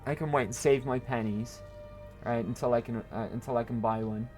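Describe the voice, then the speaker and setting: A man's voice: mid-range voice, a little fast, darkish tone, soft background music. A man chatting and joking loosely while streaming a video game, rambling and swearing now and then. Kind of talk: casual gameplay commentary.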